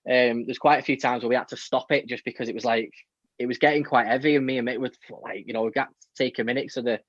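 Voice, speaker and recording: A man's voice: mid-range voice, steady tone, fairly bright tone, dry recording, muffled recording. A man co-hosting a football podcast in casual, chatty talk. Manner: fast, chatty, many fillers. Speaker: podcast co-host. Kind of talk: casual chat.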